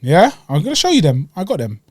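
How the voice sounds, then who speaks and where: Young London man telling a lively story. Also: a little high, fast talker, no echo, clean studio sound. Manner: animated storytelling with slang and acted-out quotes. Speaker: podcast co-host. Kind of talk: casual chat.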